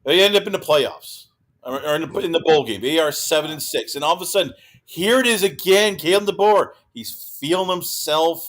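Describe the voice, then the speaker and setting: A man guesting on a sports podcast, talking in an animated, exclaiming way and breaking into mocking impressions. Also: fairly high pitch, normal speed. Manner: animated, exclaiming, mimics others. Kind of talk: casual sports talk.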